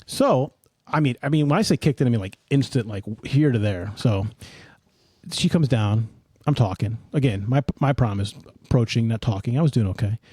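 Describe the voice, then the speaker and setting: A man's voice: medium pitch, lively intonation, moderate pace, darkish tone, breathy edge, dry recording, studio quality. A middle-aged man hosting a podcast, telling a rambling, self-mocking story in casual chat. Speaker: podcast host.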